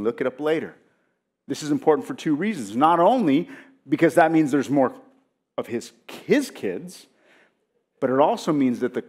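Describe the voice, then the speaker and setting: A male pastor giving a sermon, preaching with emphasis and often putting rhetorical questions to his congregation. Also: mid-range voice.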